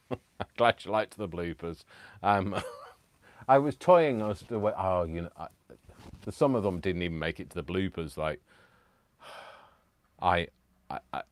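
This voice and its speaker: Man, deep voice, rambly self-mocking live-stream host, casual chat. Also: dry recording. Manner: rambling, self-deprecating, chatty. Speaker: livestream host making digital crafts.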